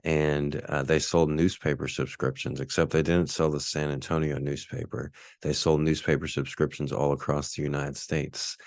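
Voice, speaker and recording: Very deep-voiced laid-back man. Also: flat delivery, moderate pace, few pauses, dry recording. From Texas. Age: 40s. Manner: laid-back, rambling, self-assured. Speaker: podcast host. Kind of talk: casual storytelling monologue.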